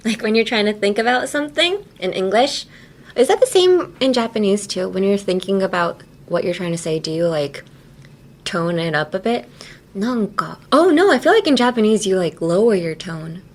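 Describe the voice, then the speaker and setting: A woman's voice: medium pitch, lively intonation, normal speed. Giggly woman podcast host teaching English. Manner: chatty and giggly, many "like" fillers. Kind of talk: casual teaching chat. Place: radio station studio.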